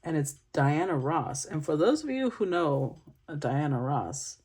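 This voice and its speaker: Husky-voiced woman giving a tarot reading. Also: deep voice, sing-song, measured pace, a little mellow. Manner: musing and conversational, thinking aloud. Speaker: tarot reader. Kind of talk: intuitive tarot reading for viewers.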